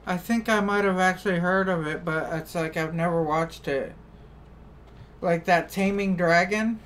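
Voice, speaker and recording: A woman's voice: on the low side, measured pace. An American woman streamer chatting casually, telling stories with quoted back-and-forth. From United States. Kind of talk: casual chat on a live stream.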